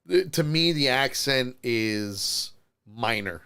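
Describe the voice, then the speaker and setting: A male podcast host on a live call-in show who talks in a loose, casual way. His pitch rises and falls a lot, and he laughs often. He trips over his words and repeats himself as he goes. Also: slow pace, clear, resonant tone. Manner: animated, laughs often, stammers restarts.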